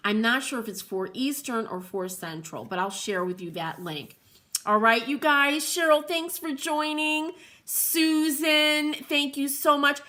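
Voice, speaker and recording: Middle-aged woman host, bright, lively and chatty on a livestream, rambling asides, greets viewers by name. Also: high-pitched, measured pace. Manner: rambling, laughs often, addresses viewers by name. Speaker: host of a furniture painting livestream.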